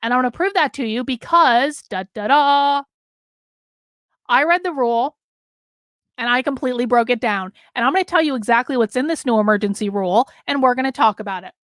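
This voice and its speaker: A woman's voice: fairly high pitch, fast talker, fairly bright tone, no room sound, clean studio sound. A woman hosting a live commentary stream, emphatic and losing her voice, reading out and answering chat. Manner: emphatic, talks with her hands. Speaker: host.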